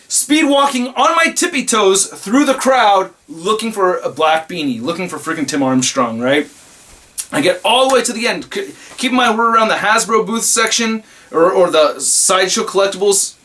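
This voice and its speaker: High-voiced excitable man telling a story. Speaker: toy reviewer and YouTuber. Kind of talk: casual storytelling vlog.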